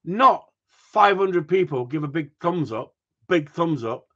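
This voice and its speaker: A man's voice: on the high side, expressive, unhurried, a bit bright, highs cut off. A man, a dog trainer hosting a live stream, chatting casually and ranting at length while reading out viewer comments, swearing freely.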